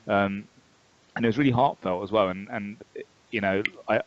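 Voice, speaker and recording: A man's voice: fairly low pitch, normal speed, a little hiss or hum. A man co-hosting a podcast in casual chat, blunt and emphatic with frequent fillers, on a dull lo-fi recording. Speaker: podcast co-host.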